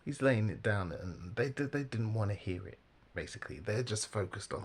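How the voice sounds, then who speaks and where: A man giving casual, animated religious commentary, laughing often and mimicking the people he talks about. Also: lowish voice, moderate pace, slightly rough.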